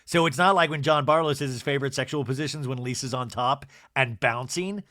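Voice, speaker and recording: Male podcast host, gossipy TV recap, animated, bright sharp voice, dry sound. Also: medium pitch, a little fast, dry recording. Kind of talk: casual TV recap.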